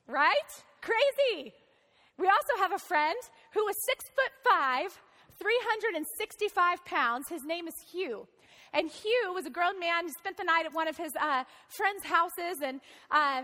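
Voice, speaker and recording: A woman's voice: very high voice, bright, forceful tone, long reverb tail. A woman pastor preaching a sermon in a conversational way, asking the congregation questions.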